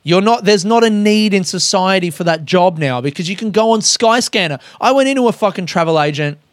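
A man's voice: sits high, lively intonation, a little fast, no echo, clean studio sound. A young man ranting casually in a podcast monologue, blunt and full of swearing but aware he is being harsh. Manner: profane, blunt, self-aware.

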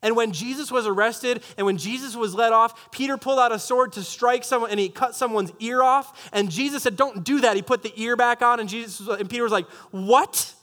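A high-pitched man preaches a sermon in a loose, playful way. He cracks jokes at his own expense, trips over his words and circles back, keeping things casual and lively for the congregation. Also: brisk, hardly any pauses. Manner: jokey, animated, often restarts and laughs at his own asides. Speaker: pastor.

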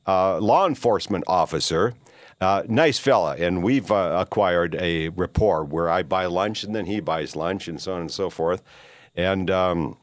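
A man's voice: fairly low pitch, dry recording, clean studio sound. An older man hosting a podcast, delivering a rambling, opinionated monologue full of "uh" fillers and emphatic rhetorical questions. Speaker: podcast host.

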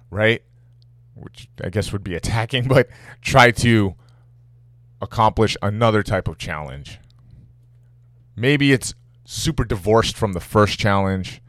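A middle-aged man hosting a podcast, giving casual fitness advice in a direct, energetic coaching tone. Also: on the low side, no echo, studio quality. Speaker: podcast host.

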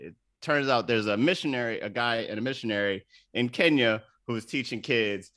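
Casting note: male podcast host, bright and forceful voice, loose and profane, laughs a lot, dry close sound. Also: mid-range voice, brisk, few pauses, dry recording. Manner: loose, profane, laughs often, acts out quotes. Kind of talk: casual chat, recapping a movie.

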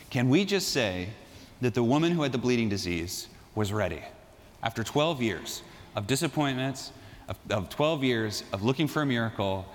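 Animated preacher in a reverberant hall. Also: male voice, mid-range voice. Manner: animated storytelling, acting out voices in quotes. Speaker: pastor. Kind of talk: sermon.

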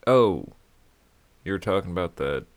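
A man's voice: low-pitched, lively intonation, normal speed. A man chatting casually on a podcast, laid-back, mostly giving short replies. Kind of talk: casual chat.

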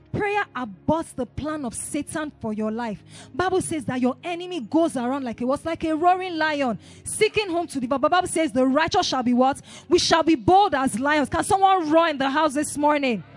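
A woman pastor, preaching a sermon and asking the congregation call-and-response questions. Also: high voice. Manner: rising to shouted declarations.

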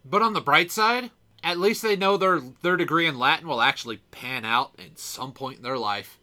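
A man's voice: fairly high pitch, normal speed, sharp tone. A man co-hosting a podcast in casual chat, rambling and self-mocking as he goes. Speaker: podcast co-host.

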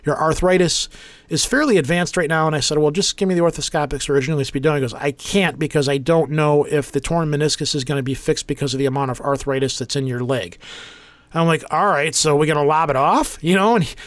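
A man's voice: fairly high pitch, fast, no room sound. A man, co-hosting a podcast and telling a rambling, joking story full of acted-out quotes. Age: 40s. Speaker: podcast co-host. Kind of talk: casual storytelling chat.

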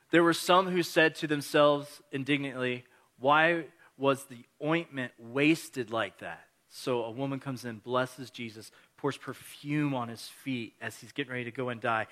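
A man's voice: medium pitch, fairly bright tone. A male pastor giving a conversational sermon, earnest and encouraging, mixing scripture reading with everyday stories.

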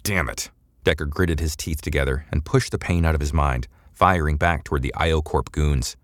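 A man narrating a sci-fi audio serial in a measured, dramatic reading. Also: extremely low pitch, fairly even intonation, no room sound, clean studio sound. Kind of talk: scripted narration.

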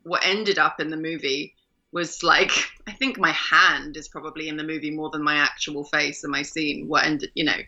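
A chatty actor appears as a guest in a casual video-call interview, her bright voice sitting low at a moderate pace, full of fillers, restarts and a bright, lively laugh. The home call audio is dull and muffled.

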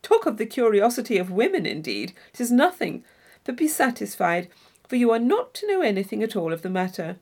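A woman's voice: a little high, big pitch swings, fairly quick, darkish tone. Isabella, a woman voicing a gushing young lady. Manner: effusive, theatrical exclamations.

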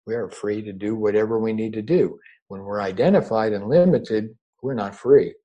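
A man giving a spiritual teaching over a video call, unhurried and gently reassuring, often repeating his words. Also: on the low side, dull audio. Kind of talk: meditative spiritual talk. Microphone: own microphone over a video call.

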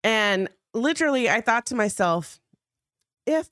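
A woman's voice: on the high side, lively intonation, unhurried, fairly bright tone, smooth, dry recording, clean studio sound. A woman around fifty, co-hosting a podcast in casual, bawdy comedic chat and laughing at her own jokes. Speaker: podcast co-host.

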